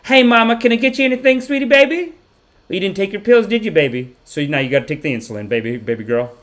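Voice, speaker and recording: A man's voice: high-pitched, lively intonation, fast, a bit bright, voice pushed up. A man voicing a doting woman nurse who coos pet names in a sing-song Southern drawl.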